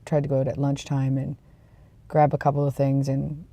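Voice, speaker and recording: A sick vlogger talks casually to the camera, sniffly, congested and yawning through a rambling, self-deprecating chat. The voice is gravelly with a dark, mellow tone, recorded close and dry. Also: completely flat delivery, moderate pace, no echo. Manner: rambling, self-deprecating, trails off into low mumbles. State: tired and yawning.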